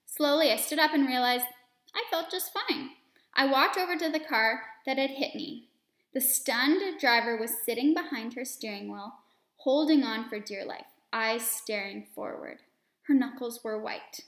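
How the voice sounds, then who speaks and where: Lady reading a storybook to kids, higher voice, stops to explain stuff, echoey room. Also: unhurried. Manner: expressive storytelling, stopping to explain words for kids. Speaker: children's teacher reading a story aloud. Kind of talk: reading a children's story aloud with asides.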